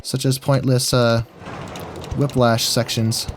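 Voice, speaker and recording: A man's voice: mid-range voice, little pitch movement, slow pace, background noise. A man giving goofy, jokey gameplay commentary while talking to himself as he plays. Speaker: gaming video host.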